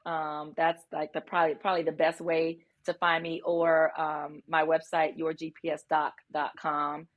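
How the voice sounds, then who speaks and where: A woman doctor talks in a somewhat low voice, earnest and a bit halting, with frequent ums. She sounds warm and sincere. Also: monotone. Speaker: guest, physician. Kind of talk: interview.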